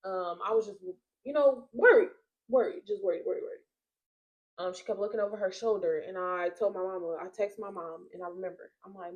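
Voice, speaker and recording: Woman host telling a lively story. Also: mid-range voice, brisk, dull audio. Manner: animated storyteller, acts out quotes. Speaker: podcast host. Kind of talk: casual storytelling chat.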